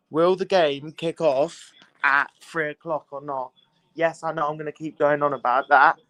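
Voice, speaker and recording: Young guy hosting a live watchalong, kinda high voice, dry close sound, rambly and chatty. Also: fairly bright tone, dry recording. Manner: chatty, rambling, repeats himself, greets viewers. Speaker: livestream watchalong host. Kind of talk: casual live commentary chat.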